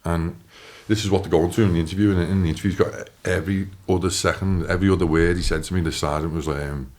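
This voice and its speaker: A man in his thirties with a Liverpool accent, telling his story as a podcast guest, animated and swearing, acting out what others said. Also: deep voice, quick pace. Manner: animated, swears, acts out quotes. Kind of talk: casual storytelling.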